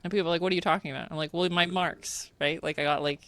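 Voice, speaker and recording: A woman's voice: lowish voice, steady tone, rapid-fire, a bit bright, no echo. A woman with a Canadian accent hosting a podcast, chatting casually and laughing often as she teases herself. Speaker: podcast host. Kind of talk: casual chat.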